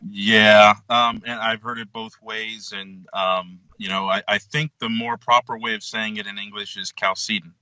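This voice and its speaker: Low bright-voiced male guest. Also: little pitch movement, no room sound, rough recording. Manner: measured, explanatory, frequent ums. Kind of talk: explanatory interview talk.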